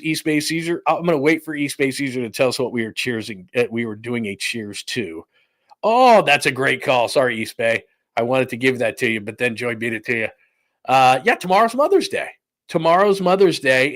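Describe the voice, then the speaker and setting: A man's voice: mid-range voice, a bit bright, no echo. A breathless, rambling man host in a dry room. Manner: rambling, loose, chatty, thinking aloud. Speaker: sports podcast host. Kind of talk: casual live-stream chat. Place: room at home under renovation.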